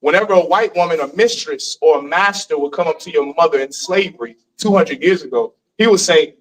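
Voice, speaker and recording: A man lectures a live class in a high-pitched voice, animated and often stopping to put questions to the room. He sounds far from the mic, as if recorded from across a classroom. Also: fairly quick.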